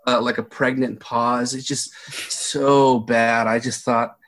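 A man's voice: medium pitch, little pitch movement, slow pace, a bit bright. A young man co-hosting a movie review podcast, laughing as he retells scenes in casual chat. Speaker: podcast co-host.

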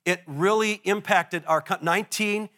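High-voiced pastor telling a story. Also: male voice, normal speed. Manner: storytelling, animated, self-deprecating asides. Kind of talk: sermon. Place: church before a congregation.

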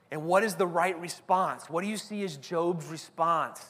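High-voiced male preacher, chatty sermon delivery, big echoing hall. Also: normal speed, few pauses, a bit bright. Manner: conversational preaching, tag questions. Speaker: pastor.

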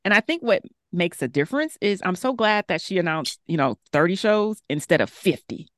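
A woman hosting a podcast, chatting casually and laughing easily between quick asides. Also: on the low side, lively intonation, dry recording, studio quality. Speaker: podcast host.

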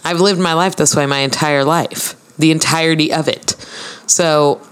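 A woman's voice: low voice, fairly even intonation, normal speed, smooth. Chatty woman retelling a doctor visit. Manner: chatty storyteller acting out quoted dialogue. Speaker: podcast co-host. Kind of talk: casual chat, storytelling.

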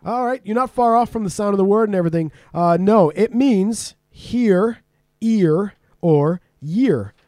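A man with a high voice runs a casual podcast quiz. He laughs a lot, swears freely and teases his guest. The sound is dry and close. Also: a little slow, darkish tone, no echo. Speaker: podcast host. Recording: remote podcast call.

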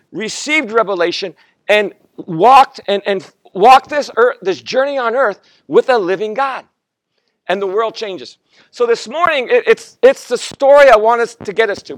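A man's voice: high-pitched, lively intonation, moderate pace, dry recording. A man in his fifties, a guest pastor, preaching a sermon and telling a personal story with acted-out quotes, stumbling and restarting often.

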